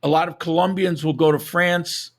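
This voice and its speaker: A man hosting a live podcast, chatting casually with a hoarse, froggy voice, rambling and correcting himself as he goes. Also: a little high, fairly even intonation, moderate pace. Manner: rambling, self-correcting, chuckles at own jokes. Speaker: podcast host. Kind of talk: casual live-stream chat.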